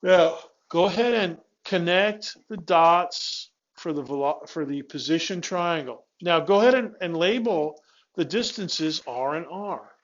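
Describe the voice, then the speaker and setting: A man with a high voice teaches a physics class in a classroom. He walks students through each step, stops himself mid-word to restart, and keeps checking in with questions. The recording is dull and lo-fi. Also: measured pace. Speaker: physics instructor. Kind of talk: classroom lecture.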